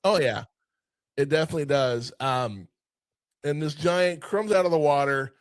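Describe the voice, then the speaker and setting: Animated, swearing podcast host. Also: male voice, a little high, normal speed, no room sound. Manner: animated retelling, frequent swearing. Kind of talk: casual film review chat.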